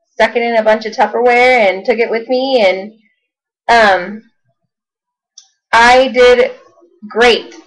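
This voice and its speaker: A woman's voice: on the high side, rough recording. A young woman talking casually into her camera in a rambling video diary, full of fillers. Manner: chatty, rambling, many fillers. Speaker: vlogger.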